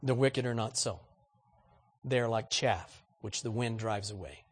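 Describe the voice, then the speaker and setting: A man preaching a sermon to a congregation, animated and asking rhetorical questions. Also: mid-range voice, a little slow, husky. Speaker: pastor.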